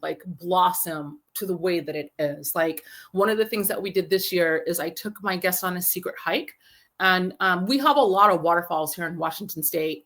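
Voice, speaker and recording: A woman, a film festival founder, telling stories in a casual interview, rambling and animated with many fillers. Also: on the low side.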